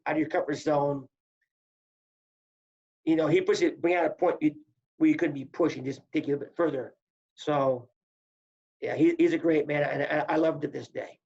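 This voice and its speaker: A man, a former wrestler and coach, telling stories in casual chat, animated and acting out the people he quotes. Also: a little high, vocal fry, slightly rough. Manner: animated, acts out quoted voices, repeats words. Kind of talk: casual storytelling. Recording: muffled lo-fi audio.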